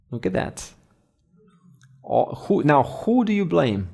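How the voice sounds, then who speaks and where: A man's voice: a little high, big pitch swings, takes it slowly, gravelly, darkish tone, slightly rough. A man teaching a spiritual lesson through a story, conversational and asking his listeners questions. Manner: conversational, asks the audience questions. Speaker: Vedanta teacher.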